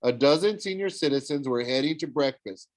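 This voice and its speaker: A man reading a novel aloud, animated, with frequent slips and self-corrections. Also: on the high side, brisk, no echo. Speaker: audiobook reader. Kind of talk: storybook read-aloud narration.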